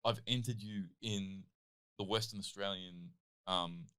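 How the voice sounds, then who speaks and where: A man's voice: lowish voice, steady tone, a little slow, bright, forceful tone, clean tone. Man quoting a breezy female coworker. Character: upbeat female radio station coworker.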